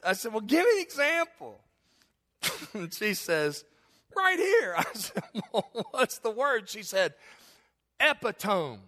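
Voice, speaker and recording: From the pulpit, a pastor with a high, slightly slow voice tells funny stories as part of a humorous sermon. He's animated and frequently laughs at his own tales.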